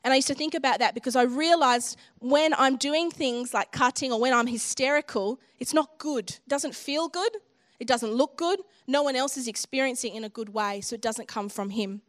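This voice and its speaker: A woman's voice: on the high side, fairly quick. A woman giving an earnest, personal sermon and altar call to a congregation. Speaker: church speaker.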